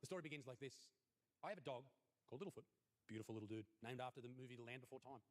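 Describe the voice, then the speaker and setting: A young Australian man performing a stand-up comedy routine in a crude, mock-earnest way, his voice jumping high on the punchlines. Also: racing, very noisy. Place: comedy stage.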